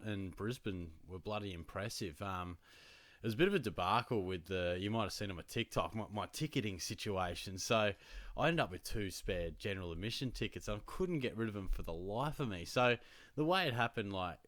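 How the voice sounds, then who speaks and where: Chatty Australian bloke, dry close sound. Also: male voice, fairly low pitch, fairly bright tone, dry recording. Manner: chatty storytelling with slang and laughs. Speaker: fantasy football show host. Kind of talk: casual chat.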